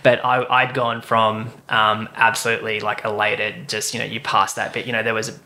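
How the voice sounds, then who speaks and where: A man in his thirties chatting casually on a podcast, animated and acting out his own quotes as he tells a story. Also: on the low side, brisk. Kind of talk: casual chat.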